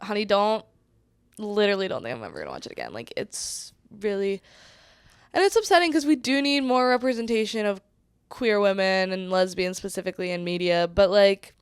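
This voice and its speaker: A woman's voice: mid-range voice, animated, fairly quick, clean tone, no room sound, clean studio sound. A woman in her twenties co-hosting a podcast, chatting casually and bluntly. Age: 20s. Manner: blunt, jokingly harsh movie critic. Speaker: podcast co-host. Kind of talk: casual chat.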